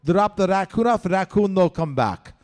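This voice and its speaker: A man doing a blunt old dad in his eighties, loud and clipped, broken English. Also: high voice, lively intonation, moderate pace, pitched above the performer's own voice. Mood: stubborn. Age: 80s. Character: elderly Greek immigrant dad, blunt and stubborn.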